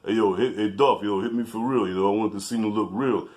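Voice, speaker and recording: A man doing an impression of a tough male action star with a gruff, streetwise drawl. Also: on the low side, fast, a little mellow, pitched below the performer's own voice, lightly acted. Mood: insistent.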